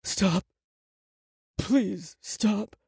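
A man's voice: sits high, very slow, vocal fry, darkish tone, breathy edge, dry recording, clean studio sound, pitched above the performer's own voice, heavily acted. A man voicing a beaten young man who pleads and begs for it to stop. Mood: pleading. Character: young man, battered, pleading, later a weary executive.

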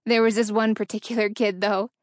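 Woman doing a young fiancée, soft-spoken, quietly hurt, mid-pitched, dry close sound. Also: flat delivery, a little fast, dry recording, close to an everyday voice. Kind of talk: audiobook character reading.

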